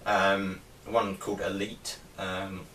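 A man's voice: low-pitched, little pitch movement, slow, sharp tone. A man giving a casual show-and-tell of his helmet collection, talking hesitantly with many ums and restarts. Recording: distant mic with faint background noise.

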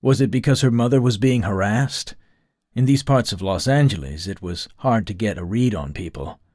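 With a fairly low voice at a moderate pace, a man narrates an audiobook in a steady, wryly storytelling style. The scripted reading is studio quality, free of echo.

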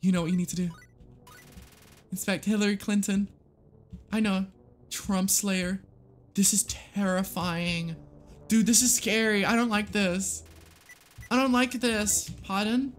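A young woman live-streaming a game, reacting excitably, laughing often and greeting her chat. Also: mid-range voice, measured pace, long pauses, low-quality recording.

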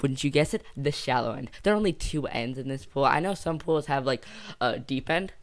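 A man's voice: medium pitch, lively intonation, fairly quick. A young man telling a casual storytime for his channel, rambling and jokey, often trailing off and circling back. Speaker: YouTuber.

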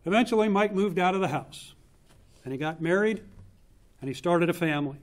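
A man in his fifties speaks at a memorial in a funeral chapel, his voice sitting a little high for a man. He tells old family stories earnestly, pausing to let each moment land. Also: expressive. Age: 50s. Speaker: eulogist, younger brother of the deceased. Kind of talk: memorial eulogy, personal storytelling.

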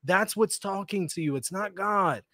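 A man hosts a casual chat, animated and quick to laugh. His voice sits a bit higher than most men's. The sound is dry and close. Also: no echo. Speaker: host.

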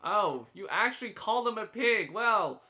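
A young man with a high voice riffs through casual gameplay commentary. His tone is bright and sharp, and he jokes, teases the characters sarcastically and laughs often. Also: expressive, moderate pace, faint music behind. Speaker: let's play commentator.

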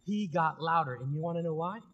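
High, husky-voiced male pastor preaching. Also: fairly quick, highs cut off. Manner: swings between loud emphatic bursts and quiet intensity; casual, conversational preaching. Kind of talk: sermon.

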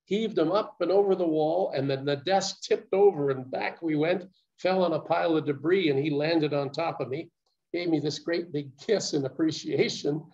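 An older man recounting his story as a guest speaker, earnest and measured, with small stammers. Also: a little high, a little mellow. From Canada. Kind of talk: personal storytelling talk. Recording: muffled lo-fi recording.

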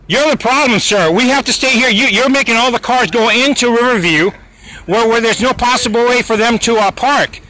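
Speaking a little fast in a very high-pitched voice that sounds pushed and bright, a man records his heated dispute with road workers near a school. He argues repetitively throughout this handheld vlog, and the recording is low quality.

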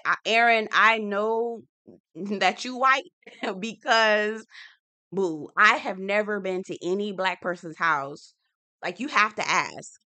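Chatty woman with a bright voice recapping reality TV. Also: medium pitch. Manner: chatty and opinionated, slangy, acts out quotes. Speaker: TV recap host. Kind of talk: casual reality-TV recap commentary.

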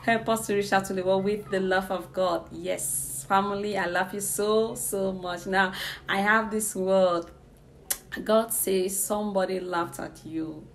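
A woman's voice: fairly low pitch, slight background noise. A fervent woman preacher giving a prophetic word. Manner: fervent, repetitive, heartfelt. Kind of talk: prophetic word to online viewers.

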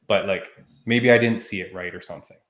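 Heated, animated man telling a story. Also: lowish voice, fairly quick, echoey room. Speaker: podcast co-host. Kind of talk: casual chat.

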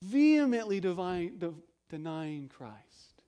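A pastor delivering a sermon with a high, bright-pitched voice. He preaches emphatically and keeps asking rhetorical questions. He drops into hushed low phrases between loud stresses. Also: sing-song, slow pace, clean tone.

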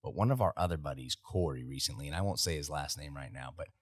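A man's voice: very deep voice, fast, husky, no room sound, studio quality. A man in his thirties with an American accent, a veteran guest telling profane army stories in casual podcast talk. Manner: profane, animated anecdote telling. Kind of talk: casual storytelling. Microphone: podcast studio mic.

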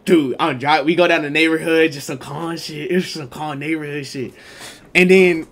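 With a slightly high voice at a moderate pace, a man spins a story for his live chat. His delivery is slangy and excitable, alternating quiet mumbled bits with loud exclaims.

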